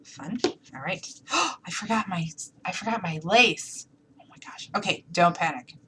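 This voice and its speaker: A woman's voice: on the low side, animated, a little slow, background noise. Chatty upstate New York woman crafting. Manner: chatty, playful, thinks aloud while working. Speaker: crafting demo host. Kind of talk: live crafting tutorial, casual chat.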